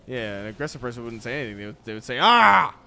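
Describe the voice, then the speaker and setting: A man's voice: mid-range voice, very fast, a bit bright, clear, resonant tone. A man hanging out on a friend's livestream, chatting casually with sarcastic jokes and offhand swearing. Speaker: friend on the stream. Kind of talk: casual chat.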